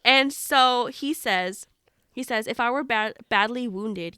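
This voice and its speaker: A young woman co-hosts a casual book podcast and retells scenes with laughs and playful quoting. Her voice sits a little high. The sound is dry and close. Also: slow, clear, resonant tone, no room sound. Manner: animated, laughing, acts out character lines. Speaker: podcast co-host.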